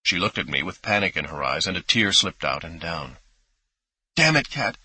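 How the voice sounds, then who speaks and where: Bright, husky male audiobook narrator. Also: low voice, brisk, no room sound, rough recording. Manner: intimate first-person storytelling. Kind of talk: scripted narration.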